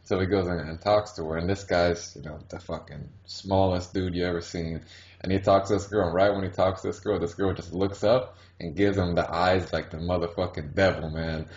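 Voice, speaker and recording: A man's voice: low-pitched, steady tone, a little fast, a little mellow, reverberant. A man casually telling a crude story, swearing constantly and laughing as he talks. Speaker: podcast co-host. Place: hot-climate country, not the US. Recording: dull lo-fi audio.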